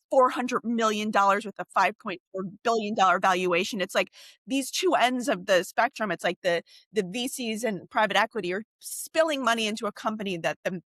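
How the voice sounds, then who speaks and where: A woman co-hosts a podcast in a loose, chatty discussion full of fillers and restarts. Her mid-range voice is a bit bright, recorded with no room sound.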